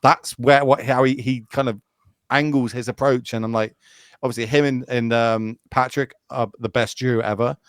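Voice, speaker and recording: The speaker is a Magic tournament caster guesting on a podcast, rushing through rambling stories with frequent cursing in a casual manner. His medium-pitched voice is steady and smooth, captured in a dry, studio-quality recording.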